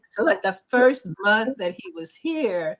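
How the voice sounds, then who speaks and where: A woman's voice: fairly high pitch, slow pace, over a noisy crowd. A middle-aged woman co-hosting a talk show, telling a personal story in casual chat and acting out the voices of people she quotes. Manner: animated storyteller, acts out quoted voices, restarts often.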